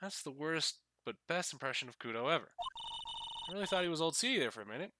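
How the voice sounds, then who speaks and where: A man's voice: fairly high pitch, animated, quick pace, heavy background noise. Joking man commenting on a game. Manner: joking, profane asides. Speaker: gaming video host. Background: loud game music.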